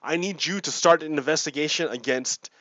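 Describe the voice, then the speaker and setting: A man's voice: on the high side, fairly quick, fairly bright tone, no echo, close to an everyday voice. A man giving a loose impression of a pushy US president demanding a favor, in a casual paraphrasing way. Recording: dry, dull lo-fi mic.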